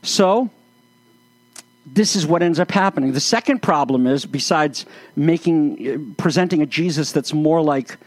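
A man preaching in a sermon-style commentary, earnest and exasperated, with sarcastic turns. His voice sits high for a man. The sound is dry and close, with no room around it. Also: a little slow, no room sound. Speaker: pastor.

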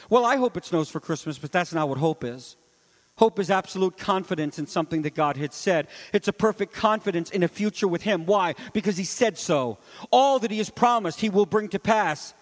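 A man preaching a sermon in a church, swinging between loud climaxes and hushed asides and asking rhetorical questions. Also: high voice, big-room sound. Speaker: pastor. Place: church sanctuary.

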